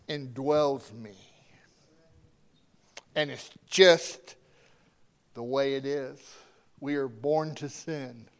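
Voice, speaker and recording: A man preaching a sermon with strong emphasis, swinging between loud declarations and hushed asides. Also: mid-range voice.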